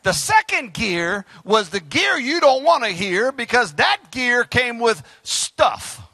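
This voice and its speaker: A male pastor preaching an impassioned sermon, breaking into shouts. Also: very high voice, very animated, takes it slowly, no room sound. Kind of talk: fiery sermon.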